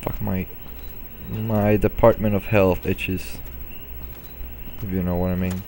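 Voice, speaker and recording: A man's voice: sits low, flat delivery, slow, mellow, slight background noise. A man commenting on his own gameplay, frustrated and swearing, muttering to himself.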